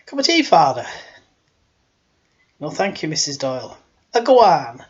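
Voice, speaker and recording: A shrill, insistent old housekeeper who won't take no for an answer about tea, as a man puts her on in falsetto. She sounds high and loud on a slightly dull, lo-fi home recording. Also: big pitch swings, measured pace. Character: pushy elderly Irish housekeeper woman offering tea.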